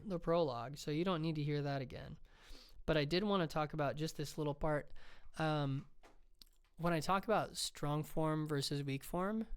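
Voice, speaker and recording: A man's voice: on the high side, clean tone. A man, a fantasy author, casually explaining his writing craft in a loose, rambling way, with many ums and restarts.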